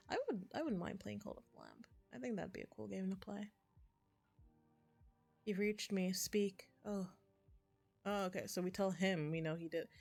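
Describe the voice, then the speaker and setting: A woman's voice: lowish voice, creaky. Chatty woman streamer reading game dialogue. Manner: reads game dialogue aloud, chatty asides. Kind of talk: casual gameplay commentary.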